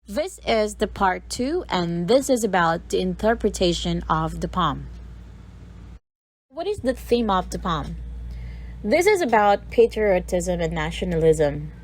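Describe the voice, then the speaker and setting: A woman's voice: on the low side, big pitch swings, unhurried, poor audio. Woman teaching a poem, faint hiss. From Philippines. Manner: reads verse aloud, then breaks down sounds word by word. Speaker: teacher presenting a lesson. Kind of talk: explaining a poem in a recorded lesson.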